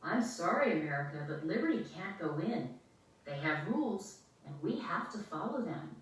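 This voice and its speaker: A woman voicing a calm, patient father who explains things gently. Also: lowish voice, normal speed. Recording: echoey room, mic far off.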